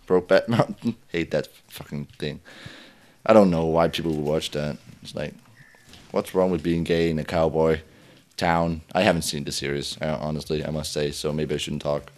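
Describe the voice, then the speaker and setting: A man's voice: very deep voice, darkish tone. A young man giving let's play commentary, laughing often, swearing and yelping in frustration as he plays. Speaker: gameplay commentator.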